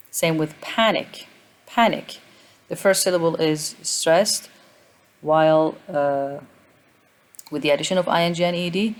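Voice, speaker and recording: Low-voiced woman lecturing on grammar. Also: a little mellow. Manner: methodical, repeats example words aloud, frequent uh fillers. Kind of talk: recorded lecture explaining spelling rules.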